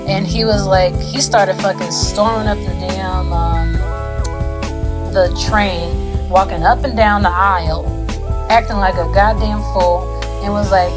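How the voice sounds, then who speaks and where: A woman's voice: medium pitch, a little slow, soft background music. A young woman telling a story in a casual vlog, swearing often and filling her speech with "like". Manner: swearing, lots of "like" fillers, animated retelling.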